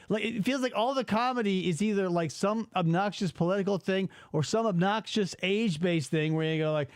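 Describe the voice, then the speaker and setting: High-voiced ranting male podcast host. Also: a little fast, hardly any pauses, dry recording, clean studio sound. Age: 40s. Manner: animated, exasperated, swears freely. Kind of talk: casual ranting chat.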